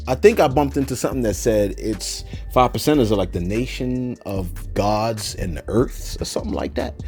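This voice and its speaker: A man with hosts a loose livestream chat, answering viewers and slipping into prayer and scripture. His pitch swings lively up and down as he talks. Faint music plays underneath. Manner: loose and animated, prays and preaches with scripture. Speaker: host of a celebrity news channel. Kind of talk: casual livestream chat reading comments.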